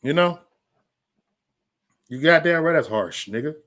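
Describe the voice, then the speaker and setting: Cussing guy on a livestream, bright forceful voice, keeps stumbling and repeating himself while he goes off at the chat. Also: on the high side, lively intonation, a little slow. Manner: profane, heated, repetitive, stammers into restarts; reads out live chat comments. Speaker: livestream host. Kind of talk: angry livestream rant.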